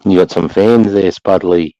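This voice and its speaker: A man's voice: sits low, fairly even intonation, measured pace, mellow, dry recording, muffled recording. An Australian man chatting casually as a guest, laid-back and blunt, swearing freely. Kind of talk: casual chat.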